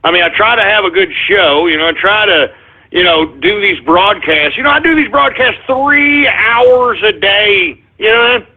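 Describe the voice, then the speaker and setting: A man's voice: high-pitched, animated, moderate pace. A man hosting a call-in radio show, ranting angrily with curses, sighs and stumbling restarts. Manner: angry, cursing, frequent sighs and restarts. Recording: tinny phone-like lo-fi audio.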